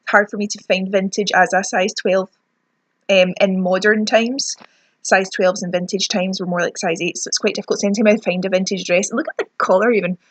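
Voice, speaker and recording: A woman's voice: medium pitch, fairly even intonation, brisk, dry recording. A young Scottish woman ranting chattily through a lip product review, self-mocking as her lips sting. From Scotland. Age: young adult. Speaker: beauty vlogger.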